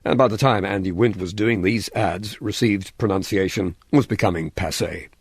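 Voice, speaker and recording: Husky-voiced male documentary presenter. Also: lowish voice, normal speed, no room sound, clean studio sound. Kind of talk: radio documentary narration and interviewing.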